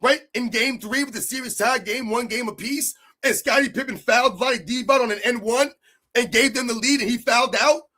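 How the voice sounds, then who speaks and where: A man's voice: very high voice, brisk, pushed and bright. A man hosting a heated sports rant, emphatic and argumentative, hammering his points by repeating them. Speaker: sports commentary host.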